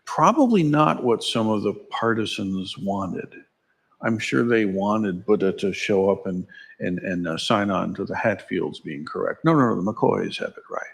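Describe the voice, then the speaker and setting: A man's voice: fairly low pitch, expressive, moderate pace, gravelly, husky. A man giving a conversational dharma talk at a temple, wry and asking his listeners questions. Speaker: dharma teacher. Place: temple hall.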